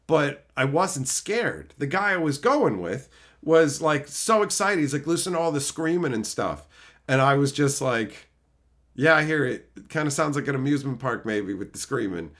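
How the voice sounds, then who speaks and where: A man telling a story on his stream in a loose, foul-mouthed rant. His voice sits a bit high and bright. It leaps up and down as he scoffs at everything. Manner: profane, exasperated, mocking.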